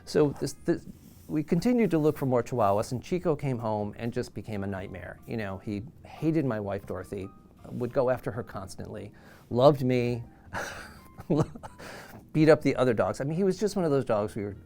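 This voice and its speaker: A man in his sixties, an animal trainer, telling an anecdote in an animated way and acting out the voices of the people in it. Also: medium pitch, normal speed, creaky. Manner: animated, acts out quoted voices. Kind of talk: storytelling anecdote.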